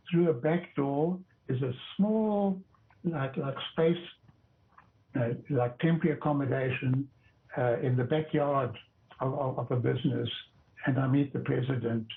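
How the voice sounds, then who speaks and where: An older man and former judge recounting memories in an interview, reflective, often stumbling over and repeating words. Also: medium pitch. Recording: tinny phone-like line.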